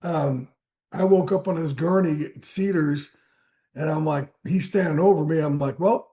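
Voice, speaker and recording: A man's voice: on the high side, moderate pace, mellow. A middle-aged man speaking frankly about his own past, with a self-deprecating and candid storytelling manner. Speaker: sports broadcaster and trainer.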